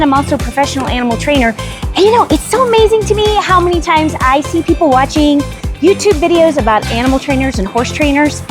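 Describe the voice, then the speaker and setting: A woman who is a veterinarian and animal trainer, talking casually and emphatically to camera at a horse ranch. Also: high voice.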